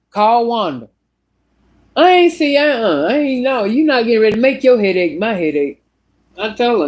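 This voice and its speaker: Blunt, profane woman telling a story. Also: on the high side. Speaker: vlogger. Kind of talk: casual storytelling monologue.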